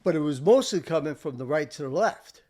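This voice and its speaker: An older American man, a veteran, telling a war story in casual chat, swearing freely and acting out what people shouted. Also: on the high side, fairly quick. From United States. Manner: animated, swearing, acts out shouted quotes. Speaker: veteran guest.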